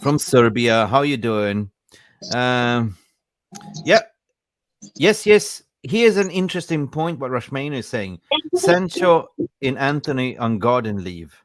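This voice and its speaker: A man's voice: mid-range voice, lively intonation, slow pace, no room sound, studio quality. A man hosting a casual football podcast, chatty and jokey, greeting viewers by name. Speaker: podcast host. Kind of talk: casual live-stream football chat.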